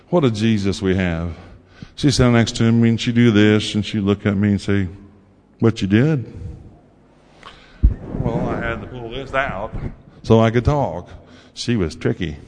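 A man preaching his own testimony in a folksy, storytelling manner. His voice sits at an everyday middle pitch. A long hall reverb trails after each phrase. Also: a little hiss or hum. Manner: folksy storytelling, acts out quotes. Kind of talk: sermon testimony.

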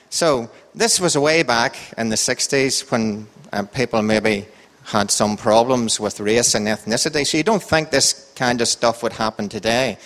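A man's voice: mid-range voice, a bit bright. An Irish man with a lilting, sing-song delivery that rises and falls, giving a casual Bible talk to a church group. He sounds chatty and joking, and his voice carries a long reverb from the hall around him. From Ireland. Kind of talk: informal Bible talk with a quiz.

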